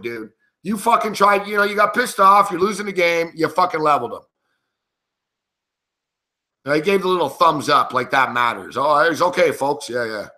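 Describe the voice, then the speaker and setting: Angry swearing man, bright sharp voice. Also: sits high. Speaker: sports betting show host. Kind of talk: live game commentary, profane rant.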